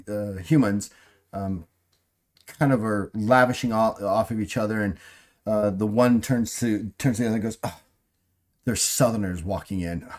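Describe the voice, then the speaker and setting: A man's voice: fairly low pitch, a little mellow. A man narrating as game master, rambling with fillers and restarts as he sets scenes.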